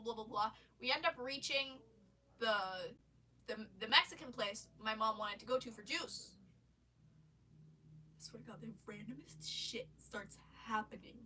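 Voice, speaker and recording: A woman telling a rambling story on a live stream, casual and animated, swearing and laughing often. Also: a little high, slight background noise. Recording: voice a bit far from the mic.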